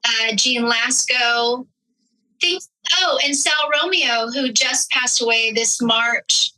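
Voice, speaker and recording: A woman's voice: a little high, slow pace, pushed and bright, low-quality recording. A woman, a stage actress and director, recalls her mentors on a podcast in a reflective, storytelling way. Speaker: actress, writer and director guest. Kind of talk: podcast interview.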